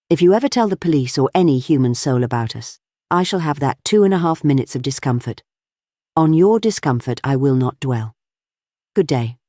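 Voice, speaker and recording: A man reading an audiobook, voicing a huge, genial but commanding male anarchist chief who talks briskly with grand amusement. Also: on the high side, a little mellow, no echo, studio quality, close to an everyday voice.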